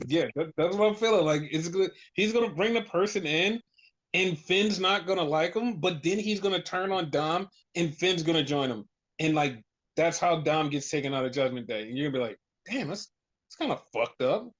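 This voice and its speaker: On a dull lo-fi recording, a podcast co-host with a slightly high voice talks at normal speed. His casual chat rambles, is peppered with "like" and profanity, and includes him acting out what other people would say.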